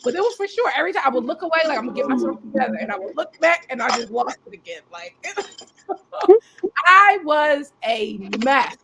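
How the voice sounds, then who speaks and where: This is a woman guest recounting a personal experience with lots of energy. Her voice sits high and leaps up and down as she acts out what others said. She laughs easily through the telling. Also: normal speed, vocal fry, a crowd in the background. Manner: expressive, acts out quoted voices, laughs often. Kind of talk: animated personal storytelling.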